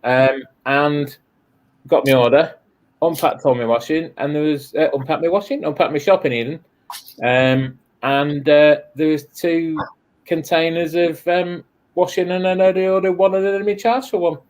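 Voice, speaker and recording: A woman's voice: low-pitched, steady tone, normal speed, darkish tone. Rambling woman telling anecdotes. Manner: rambling anecdotes with restarts and dry jokes. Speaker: live stream host. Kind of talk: casual chat.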